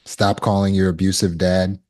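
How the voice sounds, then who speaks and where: A man with a low voice teaches trauma recovery in a relaxed, conversational way. He often acts out brief imagined exchanges to make a point. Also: moderate pace. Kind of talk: teaching talk.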